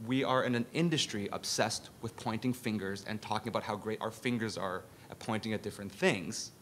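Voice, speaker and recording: A low-pitched man speaking on a conference panel. He drives his argument with pointed rhetorical questions. Faint rumble sits under his voice. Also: brisk, a bit bright. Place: conference session room.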